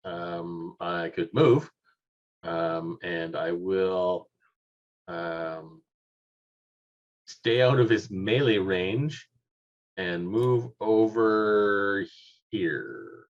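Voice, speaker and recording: A man's voice: deep voice, lively intonation, very slow, pauses often. A man playing in a tabletop game, speaking hesitantly and unsure of his moves. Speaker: player. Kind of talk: casual chat in a tabletop game. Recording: dull lo-fi, far from mic.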